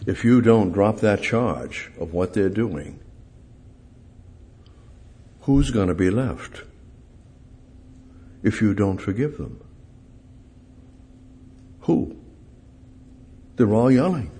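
A man preaching a sermon in a halting way, repeating phrases for emphasis, rising on key words and then dropping low. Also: a little mellow.

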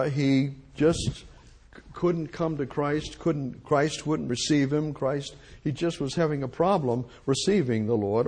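A man's voice: mid-range voice, darkish tone. A man preaching a sermon, reading old scripture and retelling stories with emphatic repetition. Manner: emphatic, repeats phrases, reads old scripture aloud.

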